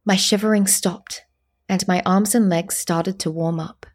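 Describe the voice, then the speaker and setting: A woman narrates a first-person story in a calm, steady way. Her voice sits a little low. It has a husky, breathy grain. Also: measured pace.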